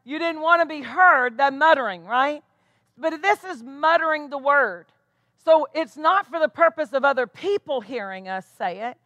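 A woman pastor delivers a sermon in a high, bright voice. She preaches emphatically and keeps asking her listeners rhetorical questions. The sound is close and dry. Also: no room sound.

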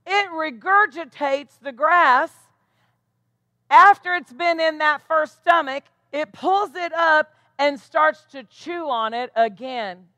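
A woman's voice: high-pitched, bright, forceful tone, dry recording. A woman pastor preaching a sermon, emphatic and calling out rhetorical questions to her congregation.

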